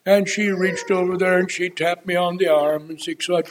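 A man in his eighties preaching an unscripted sermon from the pulpit, folksy and rambling, with frequent pauses and filler words. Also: sits high, steady tone.

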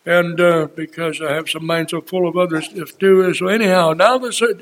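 A man in his eighties preaching an unscripted sermon from the pulpit, folksy and rambling, with frequent pauses and filler words. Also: on the high side, steady tone.

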